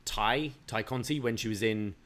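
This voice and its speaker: A man co-hosting a casual wrestling recap chat, who swears freely and acts out lines in a loud, high voice. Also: normal speed. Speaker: podcast co-host.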